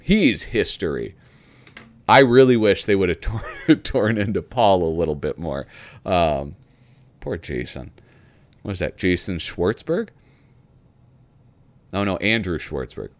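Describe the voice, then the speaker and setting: Low-voiced chuckling man, dry close sound. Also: dry recording. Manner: chuckling, rambling, reads letters aloud slowly. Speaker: host flipping through a magazine. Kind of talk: casual commentary reading aloud.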